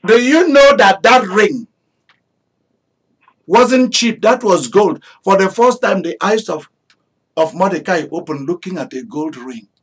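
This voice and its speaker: A male preacher delivering a sermon as emphatic, animated storytelling. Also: on the high side, husky.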